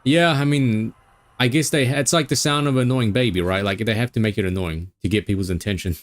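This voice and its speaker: A man's voice: mid-range voice, fairly quick. A man streamer chatting casually as he reacts to horror videos. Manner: chatty, lively commentary.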